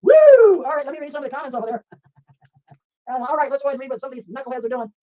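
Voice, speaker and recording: A man hosting a livestream, chatting rapidly and upbeat with frequent laughs. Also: very high voice, fairly even intonation, muffled recording. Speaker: livestream host. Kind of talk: excited livestream chat. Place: home streaming room.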